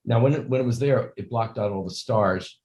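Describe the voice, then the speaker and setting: A man's voice: medium pitch, fairly quick, a little mellow, dull audio. An older man speaking as an interview guest, talking earnestly in long, rambling stretches and acting out the greetings he quotes. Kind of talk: conversational interview.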